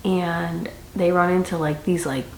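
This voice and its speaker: A woman's voice: fairly low pitch, flat delivery, unhurried. A young woman giving a casual, chatty book review with dramatic reactions and rambling asides. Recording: echoey room with faint noise.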